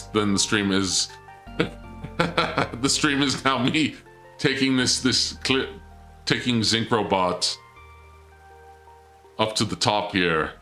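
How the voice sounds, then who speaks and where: A male streamer talks through a game live, playing a theatrical mock villain as he teases another player. His voice sits a little low but sounds sharp and forceful. Faint music plays behind him. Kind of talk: live gameplay commentary.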